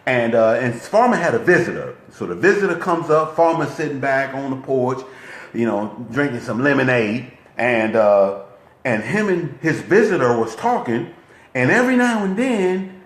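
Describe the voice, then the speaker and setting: A man's voice: medium pitch, normal speed, echoey room. A man giving a motivational coaching talk, who keeps checking in with his listeners. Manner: lively, repetitive, checks in with "okay?". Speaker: relationship coach.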